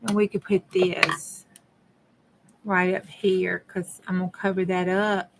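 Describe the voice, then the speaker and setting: A woman's voice: fairly low pitch, flat delivery, slow, vocal fry, noisy background. A middle-aged woman, chatting to her viewers in a folksy way while she works on a craft project. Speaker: craft vlogger. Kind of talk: casual chat while crafting.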